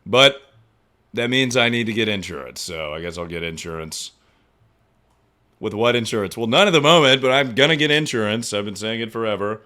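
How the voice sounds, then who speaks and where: A young man streaming, chatting casually and profanely about his injury, mocking himself with sudden loud outbursts. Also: fairly low pitch. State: injured, in pain. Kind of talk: casual livestream chat.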